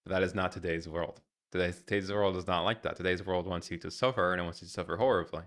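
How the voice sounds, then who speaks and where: A man's voice: deep voice, fairly even intonation, fast talker, a bit bright. A young adult man streaming live, ranting in an exasperated way with lots of fillers and restarts.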